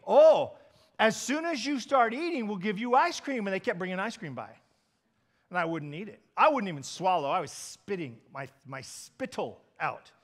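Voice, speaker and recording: A male pastor preaches a sermon built on lively storytelling. His voice is unusually high for a man, and it swings between loud, emphatic bursts and quiet asides.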